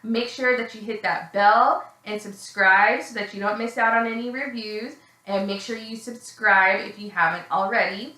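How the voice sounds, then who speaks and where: A woman recapping a reality TV episode in a casual vlog, blunt and sarcastic, swearing freely and mimicking the people she quotes in a shrill voice. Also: normal speed, hardly any pauses, pushed and bright, roomy sound, poor audio. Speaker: reality TV reviewer.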